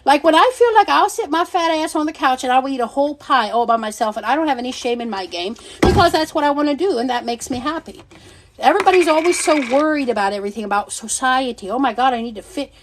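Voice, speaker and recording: A middle-aged woman with a high, bright-sounding voice hosts a casual livestream. She talks bluntly and with lots of energy, swearing freely and laughing often as she chats with her viewers. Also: lively intonation, fast, background noise. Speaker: livestream seller and host.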